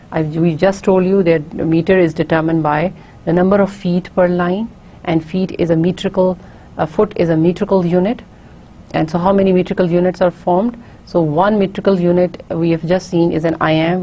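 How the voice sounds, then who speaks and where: Lecturing woman with a mellow, lowish voice. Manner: careful and explanatory, with frequent fillers and restarts. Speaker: university lecturer. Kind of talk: recorded online lecture.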